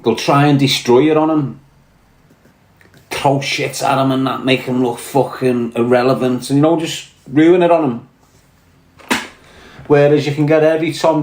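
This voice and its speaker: A man with a Liverpool Scouse accent, ranting bluntly on a podcast and swearing heavily. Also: mid-range voice. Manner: blunt, heavy swearing, fired-up. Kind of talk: casual rant. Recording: roomy echo.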